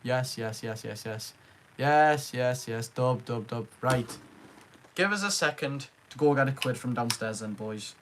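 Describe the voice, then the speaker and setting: A man's voice: mid-range voice, unhurried, slight background noise. Chatty young Geordie man streaming live. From Northeast England. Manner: chatty, hypes up chat and reads out names. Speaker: livestream host. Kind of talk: casual livestream chat.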